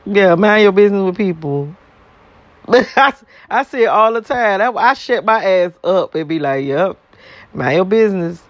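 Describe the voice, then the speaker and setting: A man's voice: sits high, expressive, unhurried, a bit bright, dry recording, lo-fi sound. A man in a casual, blunt, profane rant to his viewers, repeating himself and laughing between points. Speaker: vlogger.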